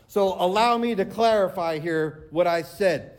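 Pastor guy preaching, pretty high voice, slows way down to hammer scripture lines. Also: expressive. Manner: preaching, quotes scripture at length with slow emphatic phrases. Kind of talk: sermon.

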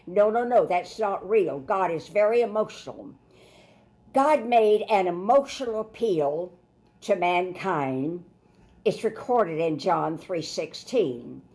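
A woman's voice: medium pitch, mellow. Emphatic woman preaching a folksy sermon. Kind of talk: sermon with running commentary on scripture.

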